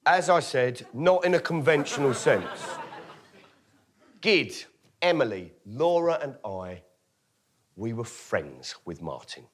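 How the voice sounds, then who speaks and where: A man's voice: medium pitch, very animated, takes it slowly, long pauses. A male comedian from Britain telling a true story on stage in a wry, theatrical way, acting out the other people's lines. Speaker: stand-up comedian. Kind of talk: live storytelling comedy show.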